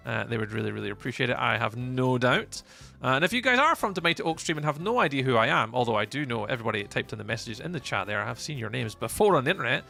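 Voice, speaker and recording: A man's voice: mid-range voice, sing-song, fast, gravelly, bright, forceful tone, faint music behind. A man from Scotland with a Scottish accent, chatting casually on a live stream and reading out and answering chat while he plays.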